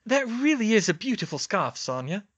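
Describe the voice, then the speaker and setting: A man's voice: high-pitched, very animated, normal speed, a bit bright, lo-fi sound, voice pushed up, exaggerated voice. A man reading an audiobook and voicing an earnest, kind teenage schoolgirl. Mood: friendly.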